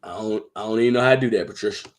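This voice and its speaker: A man hosting a live stream, chatting in a relaxed, talky and animated way. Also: on the low side, very fast, background noise. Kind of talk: casual chat on a live stream.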